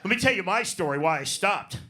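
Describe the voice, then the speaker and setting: A man's voice: sits high, expressive, brisk, bright, forceful tone. A man doing a profane, brash stand-up set in a comedy club, working the crowd. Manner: profane, brash, riffs on audience.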